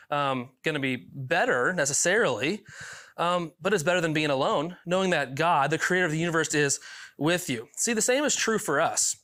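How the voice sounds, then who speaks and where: A man's voice: a little high, a bit bright. A man preaching a youth sermon, reading Bible passages and adding lighthearted asides with small chuckles and repeated words. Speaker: youth pastor.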